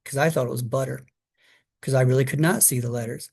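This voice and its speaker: A middle-aged man tells a childhood story in a relaxed, conversational way, with plenty of fillers and restarts along the way. His voice sits at an ordinary, medium pitch, and he slips briefly into higher quoted voices. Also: fast talker, gravelly, husky. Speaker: guest speaker. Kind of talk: personal story told to an audience.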